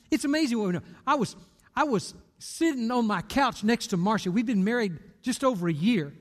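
High-voiced older preacher in echoing hall. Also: male voice. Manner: emphatic, direct storytelling preacher. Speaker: pastor. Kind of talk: sermon. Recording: long reverb of a large hall.

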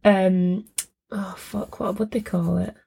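A woman's voice: medium pitch, fairly even intonation, slow pace, creaky, mellow, husky. A woman co-hosting a podcast in casual chat, teasing and chatty, laughing easily. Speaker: podcast co-host.

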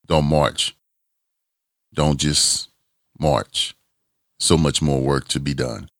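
Deep-voiced man hosting a podcast. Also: steady tone, slow pace, creaky, fairly bright tone, no room sound, clean studio sound. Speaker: podcast host. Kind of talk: casual podcast talk.

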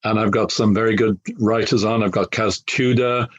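A man's voice: on the low side, fairly even intonation, normal speed, no room sound, dull audio. A man from Liverpool with a faint trace of its accent, co-hosting a casual book chat in a wry, rambling, self-deprecating way. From Liverpool, England. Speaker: podcast co-host.

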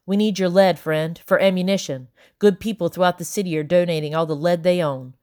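A woman's voice: on the low side, fairly even intonation, brisk, warm tone, close to an everyday voice. A woman reading the part of a stern, formal male officer making an arrest, clipped and firm.

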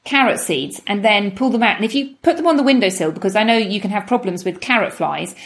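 A woman's voice: medium pitch, expressive, fast talker. A woman co-hosting a casual chat, enthusiastic and chatty, asking questions and playing devil's advocate. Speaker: podcast co-host.

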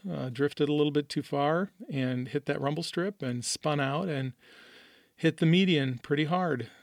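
Middle-aged Midwestern man, podcast host, earnest and emotional, gravelly tone, dry close mic. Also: mid-range voice, dry recording. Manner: earnest, openly emotional storytelling. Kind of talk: personal monologue.

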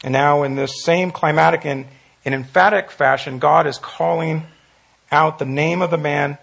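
A man's voice: fairly high pitch, fairly even intonation, unhurried, gravelly, fairly bright tone. A man teaching a Bible study, earnest, repeating phrases for emphasis and reading scripture aloud. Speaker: pastor leading Bible study.

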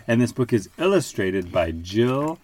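A man hosting a podcast with his child, reading a picture book aloud in an animated, playful way. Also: mid-range voice, measured pace. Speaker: father and podcast host.

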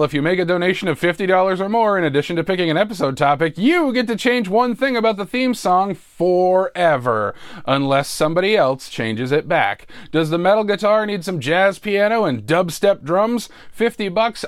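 A man hosting his own podcast, chatting through show housekeeping in an animated, jokey way with wry asides, close on a podcast mic. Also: high-pitched, normal speed, clean tone, no room sound. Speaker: podcast host and producer. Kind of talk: casual solo podcast housekeeping.

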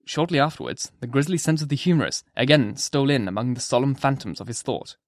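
A man narrating a classic novel, telling the story in a measured, even way. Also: mid-range voice, dry recording, clean studio sound. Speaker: audiobook narrator. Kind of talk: scripted narration.

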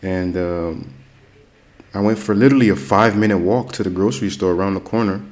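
Low-ish American male host from Florida, chatty and slow, repeats words for learners. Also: a little mellow. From Florida, United States. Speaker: host teaching English. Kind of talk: casual language-learning monologue.

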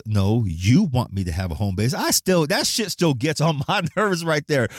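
A man from Flagstaff, Arizona, hosting a podcast with a blunt, profane, animated casual monologue, often breaking into laughs. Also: medium pitch, normal speed, hardly any pauses, dry recording, studio quality. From Flagstaff, Arizona, USA. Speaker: podcast host.

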